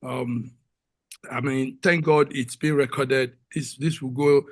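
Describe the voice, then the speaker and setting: Slow gravelly man, halting speech. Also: medium pitch, steady tone, no echo. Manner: halting, full of fillers. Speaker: meeting participant. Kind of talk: meeting remarks. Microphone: video call.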